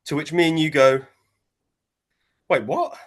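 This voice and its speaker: A man, co-hosting a casual wrestling chat and retelling a match in an animated way, jumping into quoted voices. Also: on the high side, measured pace. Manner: animated storytelling, acting out quotes in shifting voices. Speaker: wrestling podcast co-host.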